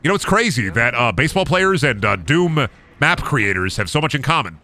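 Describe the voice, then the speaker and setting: A man's voice: mid-range voice, sing-song, a little fast, bright, forceful tone. A young man live-streaming a game, rambling goofily and joking as he plays. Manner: goofy, rambling, sings and jokes. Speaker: gaming streamer. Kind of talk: casual live-stream commentary.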